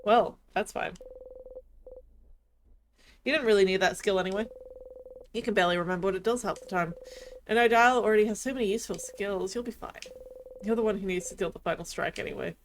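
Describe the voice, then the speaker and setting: A woman streamer reading game text aloud in a quiet, earnest manner. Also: medium pitch, fairly quick, pauses often, slight background noise.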